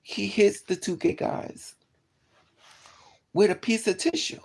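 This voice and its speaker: Gravelly, husky woman telling a story. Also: takes it slowly. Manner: animated, swings into high yelps for quoted lines; profane, slangy and blunt. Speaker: streamer telling a personal story. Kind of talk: casual storytelling.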